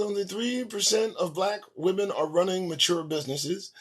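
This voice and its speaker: A man's voice: high voice, sharp tone. A man hosting his own show, reading news headlines and ranting about them in a profane, sarcastic way. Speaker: show host. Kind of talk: solo commentary on news headlines.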